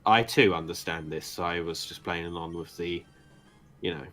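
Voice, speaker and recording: An English man banters through a game stream, rambling and joking. His voice is fairly low yet bright and sharp, with a lively melody. Faint game music runs underneath. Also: moderate pace. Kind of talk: casual chat while streaming a game.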